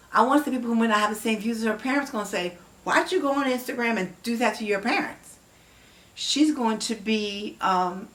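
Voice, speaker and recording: A woman's voice: mid-range voice, fairly bright tone, far from the mic. An emotional woman giving impassioned vlog commentary to her viewers, rambling with many fillers and restarts. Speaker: vlogger.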